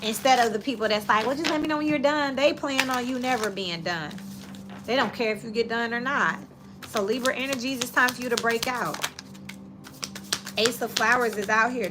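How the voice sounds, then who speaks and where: A woman's voice: on the high side, normal speed, background noise. A woman giving a casual tarot reading, talking in a chatty, direct, coaching way. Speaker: tarot reader.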